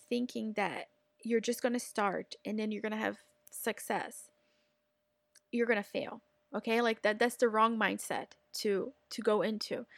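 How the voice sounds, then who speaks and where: A woman's voice: on the high side, vocal fry, dry recording. A woman from Brazil, hosting a motivational business podcast and cheering listeners on directly. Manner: energetic, encouraging, talks straight to listeners. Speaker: podcast host.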